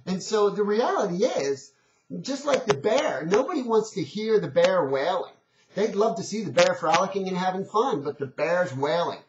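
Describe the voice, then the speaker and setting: A man's voice: high voice, expressive, normal speed. A man giving an earnest, conversational motivational talk, telling a story and urging change. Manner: earnest and conversational, many restarts. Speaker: motivational speaker. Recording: dull, echoey old recording.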